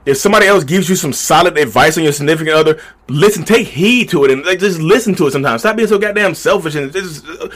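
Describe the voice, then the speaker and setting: A man's voice: a little high, lively intonation, fast talker, a bit bright. A man giving blunt, profane relationship advice in a casual vlog monologue recorded in a backyard shed. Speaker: vlogger.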